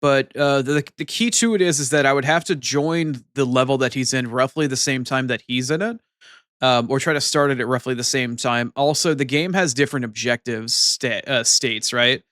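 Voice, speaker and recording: Excitable, foul-mouthed male streamer, dry sound. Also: medium pitch, normal speed, dry recording. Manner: excitable, swears freely, chats straight to viewers. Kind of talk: casual chat with stream viewers.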